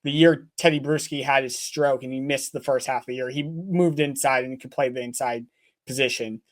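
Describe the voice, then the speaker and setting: A man's voice: mid-range voice, fairly even intonation, normal speed. A man with an ordinary mid-range voice talks sports on a podcast. He argues earnestly and keeps hammering home the same point. His delivery is casual but insistent.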